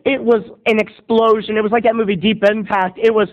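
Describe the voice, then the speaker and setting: A man in his thirties with a very high voice tells a comic story to the camera. He talks in a melodramatic, theatrical way, and the sound is dull and lo-fi. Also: flat delivery, a little fast. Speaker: video blogger. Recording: dull lo-fi recording.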